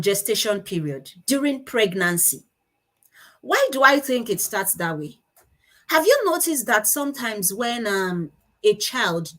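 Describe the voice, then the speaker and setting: Woman giving a slide lecture. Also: medium pitch. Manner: explanatory, stops to correct herself. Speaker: conference speaker on child speech disorders. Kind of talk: conference talk with slides.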